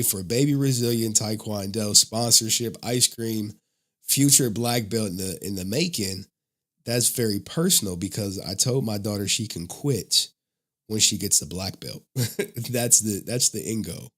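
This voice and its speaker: A man's voice: on the low side, fairly bright tone. A man hosting a livestream, chatting casually to his viewers, loose and slangy, often laughing. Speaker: livestream host.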